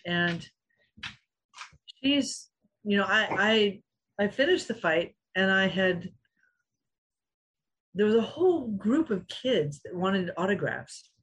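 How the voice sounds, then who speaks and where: The audio is low quality, and the woman's mid-range voice is slightly rough, slow and full of pauses. A middle-aged former fighter, she tells stories in an interview with animated energy, acting out quotes and breaking into frequent laughter.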